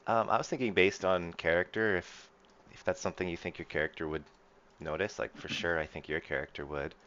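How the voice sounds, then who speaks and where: A man narrating as game master of a tabletop game, relaxed and halting, with frequent fillers. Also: low voice, lo-fi sound.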